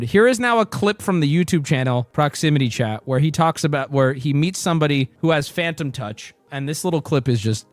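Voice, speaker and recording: A man's voice: a little high, dry recording. A man hosting a stream, giving crude, joking reaction commentary. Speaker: streamer host.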